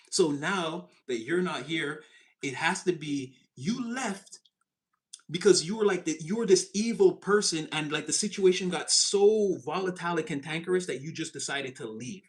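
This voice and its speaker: A man giving a casual, animated tarot reading, chatty and expressive and quick to laugh. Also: a little high. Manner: animated, chatty, swings into voices, laughs often. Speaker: tarot reader.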